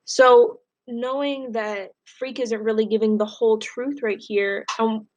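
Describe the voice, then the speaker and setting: A woman's voice: on the high side, steady tone, measured pace, few pauses. A woman teacher reading a novel aloud and stopping to explain it in a casual way, with fillers.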